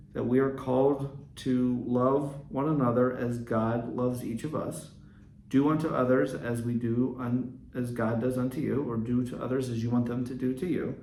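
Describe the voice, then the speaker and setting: A man hosting a reflective solo podcast on leadership, speaking earnestly and at a measured pace, with frequent ums and restarts. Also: mid-range voice, darkish tone, reverberant, a little hiss or hum. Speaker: podcast host, Catholic school leader.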